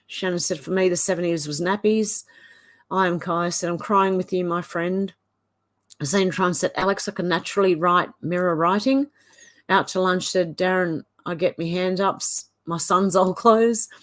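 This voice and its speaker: Australian woman reading out chat comments. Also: on the low side. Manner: reads comments in a flat run, with quick asides of her own. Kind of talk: casual livestream, reading comments aloud. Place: at home, off camera.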